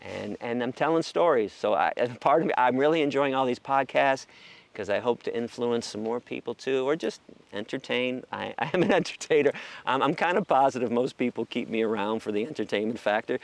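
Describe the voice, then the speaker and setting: A middle-aged American man with a rough, gravelly voice. He talks casually, swears freely, and acts out other people's lines as he tells his stories. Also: mid-range voice, brisk, no room sound. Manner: animated, profane, acts out quotes. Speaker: interview guest, animal rights activist. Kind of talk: casual storytelling interview.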